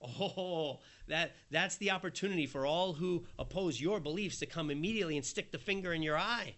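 A man preaching a sermon, earnest and conversational, dropping soft and then rising emphatic as he acts out the quoted voices. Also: a little high, fairly quick, hardly any pauses.

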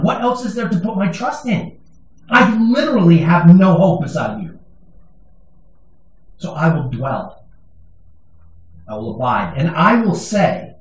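A man's voice: sits high, big pitch swings, moderate pace, pauses often. A male pastor giving a sermon, conversational and emphatic, with touches of humor. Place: church sanctuary. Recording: echoey room, voice from a distance.

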